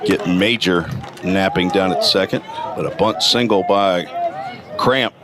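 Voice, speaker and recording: A man with a gravelly morning voice calling college baseball play-by-play, reading stats in a steady, detailed way. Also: low voice, a little slow, over a noisy crowd, heavy background noise. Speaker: play-by-play announcer. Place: outdoor college ballpark.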